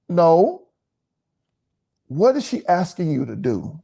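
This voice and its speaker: Man, preachy, emphatic, animated pitch, warm dark tone. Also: a little slow, vocal fry, breathy edge. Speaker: pastor and co-host. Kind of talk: relaxed teaching chat.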